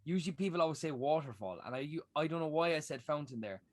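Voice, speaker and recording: A young man co-hosting a podcast, teasing his friend and swearing casually in relaxed chat. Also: a little high, fast. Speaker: podcast co-host.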